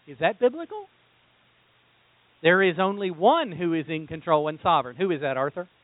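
Animated preacher, high, tinny sound. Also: male voice, normal speed, dry recording. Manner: animated, rhetorical questions to the congregation. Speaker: pastor. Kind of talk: sermon.

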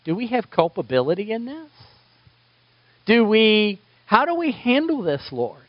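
A male pastor preaches with a lively, swinging delivery and plenty of rhetorical questions. His voice sits a bit high for a man. The recording is dull, lo-fi and dry. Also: a little slow, no echo. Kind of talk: sermon.

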